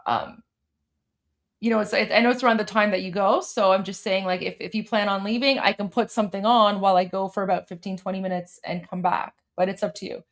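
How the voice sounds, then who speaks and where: A woman hosting a casual livestream, soft-spoken and hedging, with lots of "like" and "um.". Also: medium pitch, fairly even intonation, fast. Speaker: livestream host.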